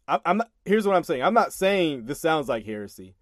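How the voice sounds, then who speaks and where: A man's voice: on the high side, big pitch swings, fairly quick, no echo, studio quality. A man casually commenting on a sermon clip, exasperated and emphatic, often laughing in disbelief.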